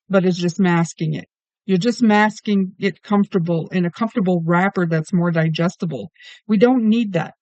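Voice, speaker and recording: A man with a high voice talks through a tarot reading, earnest and pressing, asking why again and again. The sound is dry and close. The audio is a little muffled. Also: darkish tone, no echo. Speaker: tarot reader. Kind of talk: solo tarot reading monologue.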